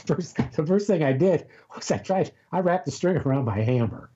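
An older man, a grandfather, telling a long rambling story in casual chat over a call, with halting restarts. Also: fairly high pitch, animated, mellow, husky, muffled recording.

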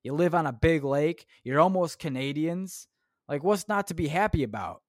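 A man's voice: a little high, animated, normal speed, no echo, studio quality. A man hosting a solo podcast, rambling casually and tossing in "man" and "dude.". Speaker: podcast host. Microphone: clip-on shirt mic.

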